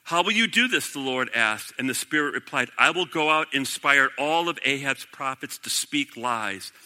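A man's voice: medium pitch, expressive, moderate pace, pushed and bright, big-room sound. A man preaching a sermon, reading scripture aloud and breaking off to comment, rising to emphatic declarations. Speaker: pastor.

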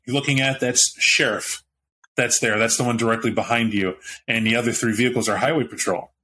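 A man's voice: mid-range voice, steady tone, a little fast, bright, forceful tone, slight background noise. Casual, rambling game master man. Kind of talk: narrating a tabletop role-playing game.

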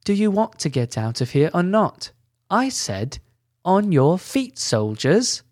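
A man's voice: sits high, sing-song, slow pace, a little mellow, dry recording, clean studio sound, voice pushed up, exaggerated voice. A man voicing a bossy, boisterous male elf who acts like a general, with a commanding, teasing manner.

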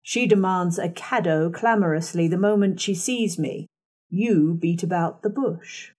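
A woman voicing a brusque, moody gentleman, the master of the house, speaking in a curt and formal way in a storybook reading. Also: fairly low pitch, measured pace. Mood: gruff.

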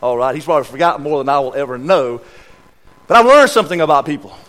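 A man delivers a church sermon in a notably high voice. He hammers key words with repetition and shifts between loud, stressed lines and hushed asides to the congregation. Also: very animated, fast talker. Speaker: guest preacher. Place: church sanctuary.

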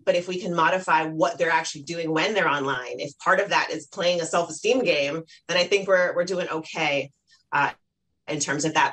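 A woman's voice: fairly low pitch, low-quality recording. A mother interviewed as an expert on children's self-esteem, talking casually and acting out little scenes with her kids. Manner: lively, warm, plugs her online academy, acts out quotes.

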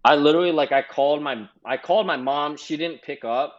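A man's voice: a little high, fairly quick, a loud crowd. A man in his twenties, a podcast guest, telling a long story in casual chat with lots of "like" fillers. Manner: rambling, heavy on "like". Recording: slightly dull lo-fi sound.

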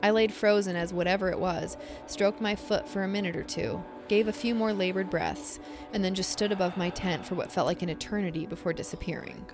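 A young woman co-hosting a podcast, reading out a scary camping story before sliding into loose chat. Her voice sits at an ordinary middle pitch, and she talks in animated bursts with lots of ums and restarts. Faint music plays behind her. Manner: animated, halting storytelling with fillers. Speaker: podcast co-host.

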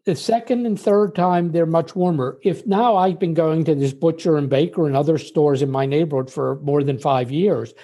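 Here an older man from the US is interviewed casually as a guest, his tone mellow and warm, pitched on the high side. Unhurried and measured, he tells stories in conversation and illustrates ideas with small anecdotes.

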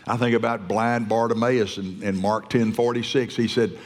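A man's voice: on the low side, flat delivery, moderate pace. A man preaching a fervent, emphatic sermon, often restarting his phrases. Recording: long hall reverb.

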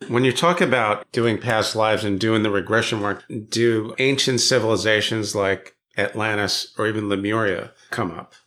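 Bright, low-voiced male podcast host. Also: fairly even intonation, normal speed, hardly any pauses. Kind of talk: interview questions and commentary.

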